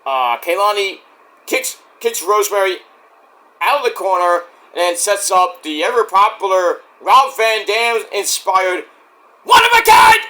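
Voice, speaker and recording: A man giving a casual solo review of a wrestling show, excitable and profane, breaking into rants. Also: sits high, a little slow.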